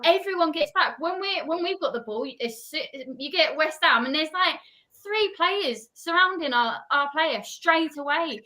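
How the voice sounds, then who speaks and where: A woman's voice: high-pitched, animated, measured pace, sharp tone. A woman football fan ranting in frustration about her team in casual chat.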